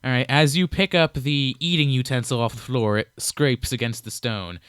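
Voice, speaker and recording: A young man narrating and explaining rules as game master of a tabletop game, relaxed and playful. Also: mid-range voice, normal speed, clear, resonant tone, dry recording, studio quality.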